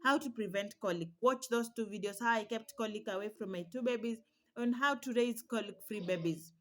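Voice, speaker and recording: A woman's voice: on the high side, fairly quick. A young woman vlogging casual advice to mothers, chatty and reassuring, now and then imitating baby cries. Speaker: parenting vlogger.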